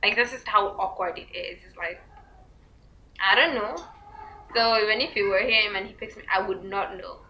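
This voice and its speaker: A young woman telling a storytime to her vlog viewers, full of fillers and likes, acting out quotes in a high squeaky voice. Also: normal speed, bright, forceful tone, slight background noise. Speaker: vlogger. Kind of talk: casual storytime chat. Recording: dull lo-fi recording.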